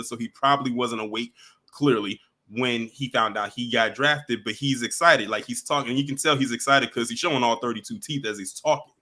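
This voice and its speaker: Bright-voiced man giving casual commentary. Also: medium pitch, brisk. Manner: talks straight to viewers, emphatic, repeats himself. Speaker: commentary vlogger.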